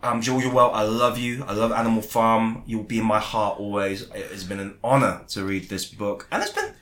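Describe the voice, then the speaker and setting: A man's voice: fairly low pitch, level tone, normal speed, a bit bright, a little hiss or hum. A man hosting a comedy show, bantering in a playful, jokey way. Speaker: comedy podcast host.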